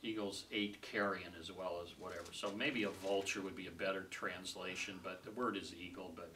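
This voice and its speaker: Bright-voiced man leading Bible study. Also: low voice, steady tone, a little fast. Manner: conversational, laughs easily, trails off softly. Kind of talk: casual group teaching. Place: small room with a group. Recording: distant mic with faint room noise.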